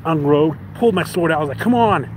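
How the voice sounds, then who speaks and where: A man's voice: a little high, rapid-fire, background noise. A man casually telling a story, acting out the voices of the people in it, often laughing. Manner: animated, acts out both sides with shouted quotes. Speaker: vlogger.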